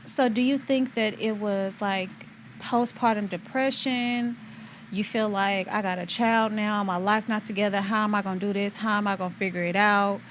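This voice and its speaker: A woman hosts a podcast chat, backing her guest up with warm agreement and short, affirming interjections. Her pitch sits in the middle range, with a faint noise in the background. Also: fairly even intonation, moderate pace. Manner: supportive, affirming, brief interjections. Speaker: podcast host.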